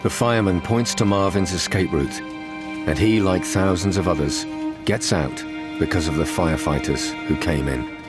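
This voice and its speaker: A man narrates a documentary in a notably low, grave voice, each line measured and scripted. Music plays clearly beneath him.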